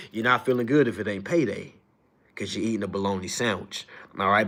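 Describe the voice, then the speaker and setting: A young man hosting a livestream, ranting casually to his audience in slangy, profane talk, swinging from loud outbursts to low asides. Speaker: livestream host.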